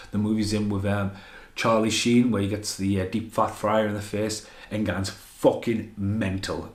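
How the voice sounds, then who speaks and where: Man, ranting film review, rambling, profane, excitable, lowish voice, roomy echo. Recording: echoey room.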